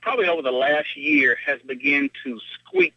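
A man calling in to a car radio show, describing a squeak casually with some hesitation. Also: big pitch swings, normal speed, vocal fry, no echo. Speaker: caller. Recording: dull phone line.

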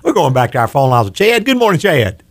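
A man's voice: on the high side, sing-song, quick pace. An older man hosting a call-in radio show on car repair, explaining at length and laughing easily. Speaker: radio show host, garage owner.

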